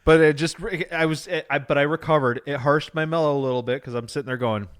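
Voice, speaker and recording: A man's voice: a little high, fast, smooth. A man co-hosting a casual podcast, ranting in a profane, jokey, rambling way. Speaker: podcast co-host. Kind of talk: casual chat.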